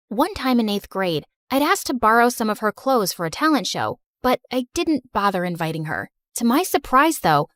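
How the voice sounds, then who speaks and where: A young woman narrating a first-person story in a scripted, confessional, expressive manner. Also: on the high side, dry recording, clean studio sound.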